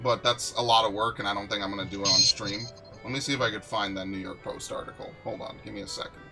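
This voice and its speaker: A man's voice: lowish voice, quick pace, music in the background. A young man streaming a game, telling stories in casual, profane chat with a friend. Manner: animated, profane storytelling.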